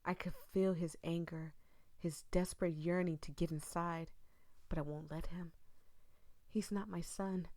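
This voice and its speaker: A woman voicing an elderly, grieving mother in a horror game, reading in a hushed, intense way that drops into whispers. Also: lowish voice, fairly even intonation, measured pace, dry recording, close to an everyday voice. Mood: angry, fearful. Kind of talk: dramatic reading of game text.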